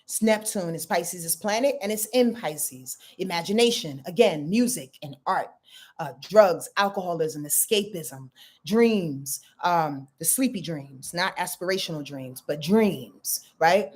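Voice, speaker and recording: A woman's voice: lowish voice, expressive, measured pace, slightly rough. A woman astrologer giving a casual weekly talk in a blunt, emphatic manner, with profanity.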